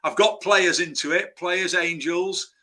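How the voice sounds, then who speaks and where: A man with a very bright, fairly high voice chats as a screenwriter guest. He tells rambling, anecdote-driven stories and keeps breaking off to restart his sentences. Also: measured pace. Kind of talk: casual interview chat.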